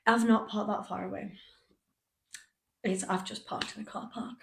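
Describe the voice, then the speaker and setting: A woman's voice: medium pitch, fairly even intonation, moderate pace, creaky. A young woman co-hosting a podcast, chatting in playful, giggly banter. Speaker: podcast co-host. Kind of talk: casual comedic chat.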